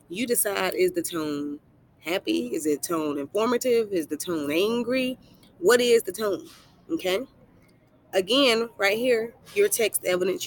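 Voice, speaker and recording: A woman teacher talking students through a worksheet in a recorded lesson, asking questions and answering them herself, and reassuring them. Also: mid-range voice. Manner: encouraging, affectionate toward students. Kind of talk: recorded screen-share lesson.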